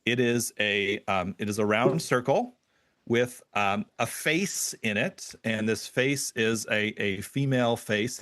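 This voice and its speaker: A man narrating a tabletop game as game master, halting and full of fillers. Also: fairly low pitch, fairly bright tone, dry recording, clean studio sound. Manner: halting, with many fillers and restarts.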